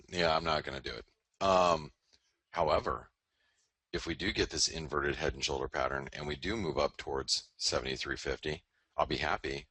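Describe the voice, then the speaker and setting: Man, show host, forceful delivery, dry close sound; casual market talk, thinks aloud and backtracks. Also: extremely low pitch, normal speed, slightly rough, no echo. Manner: rambling, self-correcting, talks to himself. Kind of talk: casual live market commentary.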